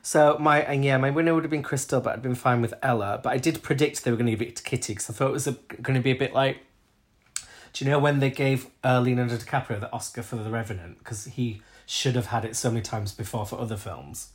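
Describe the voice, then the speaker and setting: A man's voice: mid-range voice, steady tone, quick pace. Man, podcast co-host, casual chat, gossipy, sarcastic. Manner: chatty, gossipy, sarcastic asides. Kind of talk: casual chat reviewing a TV show.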